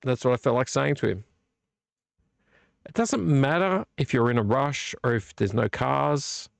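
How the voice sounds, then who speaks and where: Man, slightly tipsy, rambling late-night livestream host, swears freely, rough gravelly voice. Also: medium pitch, animated, measured pace, dry recording. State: a bit tipsy from beer. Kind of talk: late-night live vlog chat.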